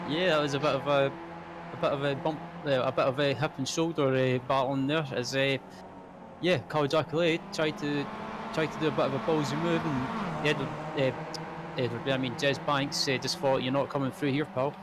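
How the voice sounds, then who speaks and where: A man giving color commentary on a sim race in a casual, halting way with many fillers. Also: medium pitch, steady tone, background noise.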